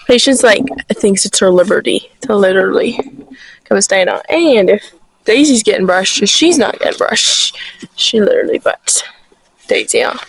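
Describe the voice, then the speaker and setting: A woman's voice: medium pitch, husky, no room sound, rough recording. A woman vlogging from her sheep pen, chatting casually with lots of "like" and cooing at her sheep, recorded outdoors on a handheld camera. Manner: chatty, full of "like", cooing at animals. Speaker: shepherdess vlogger. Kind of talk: casual vlog chat.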